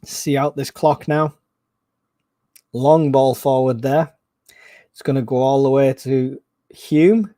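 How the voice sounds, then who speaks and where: A man giving excitable, casual live fan commentary on a football match, groaning and swearing at the play. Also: mid-range voice, slow, pauses often, no room sound, clean studio sound.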